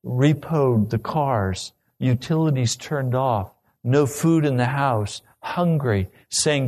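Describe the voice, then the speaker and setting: A man's voice: mid-range voice, takes it slowly, few pauses, a little mellow, slight background noise. A man preaching a sermon, telling his own testimony earnestly and then pressing urgent questions on the listener.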